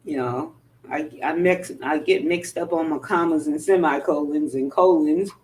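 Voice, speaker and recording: Brief: middle-aged woman, low-set voice, candid motivational speaker, emphatic delivery. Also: moderate pace, a little hiss or hum. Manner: candid, emphatic, animated in quoted retorts. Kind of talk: motivational livestream talk.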